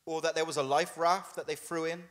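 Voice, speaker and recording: Joking pastor in a reverberant church. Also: male voice, a little high, flat delivery, brisk, a bit bright. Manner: conversational and humorous, with quoted asides. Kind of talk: sermon. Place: church hall.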